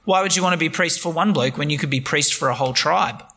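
A man's voice: on the high side, fast talker, pushed and bright. A man acting out a band of brash, threatening raiders in a casual tone. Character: swaggering tribal raiders, threatening.

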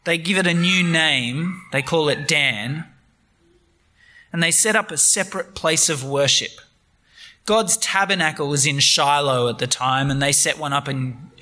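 A man preaching a sermon on a Bible passage, retelling it in a lively, conversational way. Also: on the high side.

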